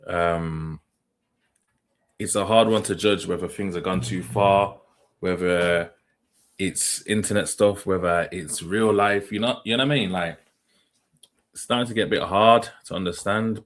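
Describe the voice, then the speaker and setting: A man with a low, deep voice hosts a livestream. He reacts casually and thinks out loud, tossing questions to his audience. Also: steady tone, a little slow. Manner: musing, asks questions aloud. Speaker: livestream host.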